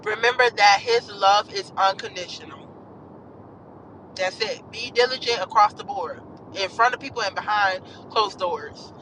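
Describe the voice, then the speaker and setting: A woman's voice: medium pitch, moderate pace, noisy background. A woman vlogger sharing an earnest, encouraging faith message in a rambling, casual way while riding in a car. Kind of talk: casual devotional talk to viewers. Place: in a moving car.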